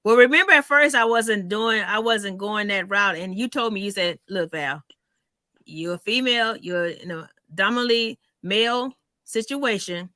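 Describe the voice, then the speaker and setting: A woman comedian telling stories in a casual chat, animated and salty, acting out the people in them. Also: medium pitch, normal speed, no echo. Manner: animated storyteller, acts out voices, swears freely.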